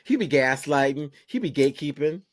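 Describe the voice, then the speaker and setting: A man's voice: fairly high pitch, very animated, a little fast. A man co-hosting a podcast in casual chat, playful and teasing, laughing often. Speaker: podcast co-host.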